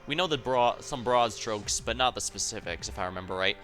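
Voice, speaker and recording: A man's voice: on the low side, brisk, fairly bright tone, faint music behind. A man streaming a game, chatting casually in a rambling, self-correcting way full of asides. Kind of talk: casual gameplay commentary.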